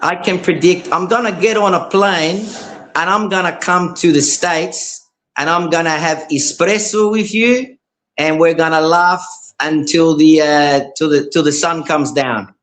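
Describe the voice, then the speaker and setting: A man's voice: on the high side, measured pace, fairly bright tone, low-quality recording. Chatty man calling in from Australia. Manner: chatty, rambling, repeats words. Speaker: caller. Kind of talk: casual chat.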